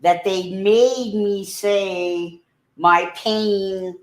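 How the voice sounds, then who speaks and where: Slow-speaking woman in an echoey room. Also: mid-range voice, steady tone. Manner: brief interjections. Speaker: co-host. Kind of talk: casual livestream chat.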